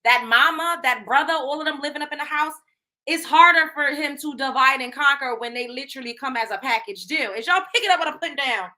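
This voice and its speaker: A woman host giving casual celebrity gossip commentary in a slangy, animated way, with laughing asides. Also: high-pitched, fairly quick.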